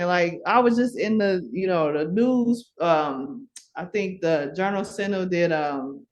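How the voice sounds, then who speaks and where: A woman's voice: mid-range voice, unhurried, few pauses. Middle-aged woman from milwaukee telling a story on a podcast, chatty, laughs a lot, fillers and restarts everywhere. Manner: animated, laughs often, many fillers and restarts. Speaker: podcast guest. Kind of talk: casual storytelling.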